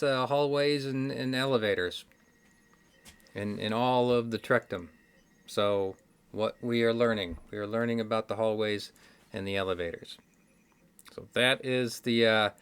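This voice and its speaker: A man's voice: mid-range voice, a bit bright, clear, resonant tone. A man with a Midwestern accent hosting a casual trivia video, rambling and correcting himself with wry asides. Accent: Midwestern American. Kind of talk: casual solo chat to camera. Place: indoors, card game stack behind him.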